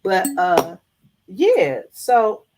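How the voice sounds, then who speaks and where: A woman's voice: medium pitch, sing-song, very slow, a little mellow, faint music behind. Folksy woman telling church stories. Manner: folksy storytelling, addresses viewers as y'all. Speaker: vlogger. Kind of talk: casual chat to live viewers.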